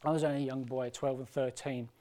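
A man preaching a sermon with passion, moving between hushed, emotional storytelling and loud, rising appeals. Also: medium pitch, little pitch movement, quick pace. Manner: impassioned, swinging from hushed to loud.

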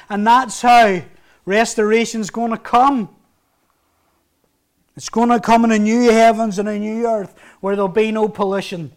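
A male pastor delivers a sermon in a notably high voice. He drives his points with rising emphasis, then drops to hushed, slower phrases.

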